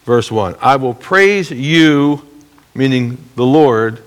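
A middle-aged man teaching a Bible lesson to a congregation, explaining the text in a measured, guiding way. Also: medium pitch, expressive. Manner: measured, explanatory, guides listeners through the text.

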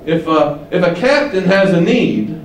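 A man teaching the Bible, explaining and asking rhetorical questions, shifting his pitch for emphasis. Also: expressive, unhurried. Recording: echoey room, distant mic, faint hiss.

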